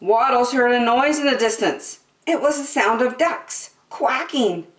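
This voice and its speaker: Slow lively storytime lady, echoey room, a bit far from the mic. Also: fairly high pitch. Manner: slow, lively, expressive reading. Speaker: children's storyteller. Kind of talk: reading a picture book aloud. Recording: roomy, from a distance.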